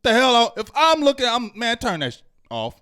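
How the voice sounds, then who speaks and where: A man hosting a fan reaction show, ranting heatedly and swinging between loud outbursts and low muttering. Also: huge pitch swings, a little fast, clear, resonant tone. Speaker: host. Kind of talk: postgame fan reaction rant.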